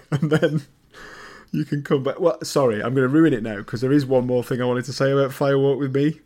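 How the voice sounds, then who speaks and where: A British man co-hosting a podcast, chatting casually about a film and rambling with bursts of excitement. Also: brisk. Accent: British English. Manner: chatty, rambling, swings loud and high when excited. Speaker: podcast co-host.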